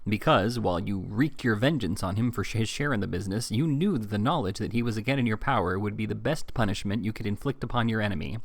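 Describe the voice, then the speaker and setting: A man's voice: lowish voice, fast talker, creaky, few pauses, dry recording. A man reading aloud as a scheming, commanding moneylender who talks curtly and with emphasis. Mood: stern. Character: scheming stern older male moneylender.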